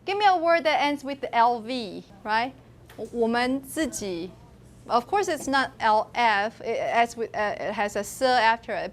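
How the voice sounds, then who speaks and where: A woman's voice: a little high, a bit bright. A female university lecturer with a Taiwanese accent, giving a classroom lecture and often asking the students questions and laughing.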